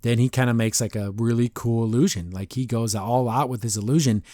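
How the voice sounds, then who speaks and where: A man hosting a podcast, casually recapping a cartoon episode in a rambling, animated way, acting out the characters' lines. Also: medium pitch, fairly quick, no echo, clean studio sound.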